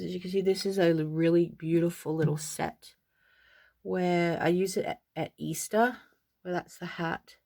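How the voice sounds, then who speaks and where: A woman's voice: lowish voice, steady tone, moderate pace, creaky, a little mellow. A woman with an Australian accent gives a casual, gushing, rambling tour of her nursery at home, full of fillers. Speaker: vlogger.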